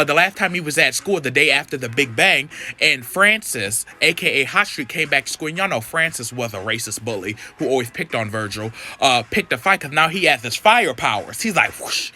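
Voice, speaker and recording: A man's voice: mid-range voice, sharp tone, a little hiss or hum. A man recapping a comic book in sassy, chatty commentary, often calling the listener honey. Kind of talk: casual commentary.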